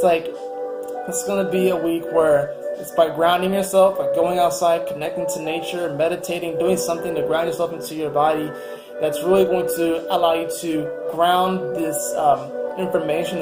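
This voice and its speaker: A man's voice: a little high, fairly even intonation, normal speed, roomy sound, over loud music. A man giving a casual weekly astrology reading, rambling and upbeat with lots of fillers. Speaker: astrology reader.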